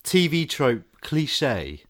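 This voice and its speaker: A man's voice: on the high side, very animated, extremely slow, fairly bright tone. Guy on a film podcast, dry jokes, voice goes up and down a lot. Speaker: podcast co-host. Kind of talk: casual film review chat.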